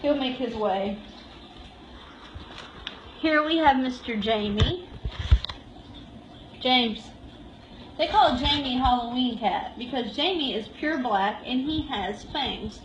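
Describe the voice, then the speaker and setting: Woman, high voice, chatty shelter-tour host, baby-talks the cats, phone recording with faint hiss. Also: lively intonation, slow pace, long pauses, reverberant, muffled recording. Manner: cooing baby-talk to cats, frequent laughs. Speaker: shelter volunteer giving a live tour. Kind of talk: casual live-stream tour. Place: indoor cat room at an animal shelter.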